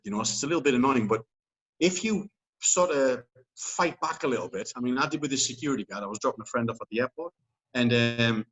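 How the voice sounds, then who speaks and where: A man's voice: medium pitch, a bit bright, rough recording. A man speaking as an interview guest. He talks in casual chat, rambling and emphatic, with many fillers and restarts.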